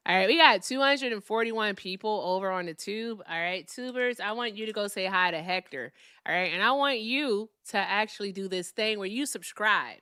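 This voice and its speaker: A woman hosting a casual live stream, animated and laughing often while talking to her chat. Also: mid-range voice, moderate pace, clear, resonant tone, no echo, studio quality. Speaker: livestream host.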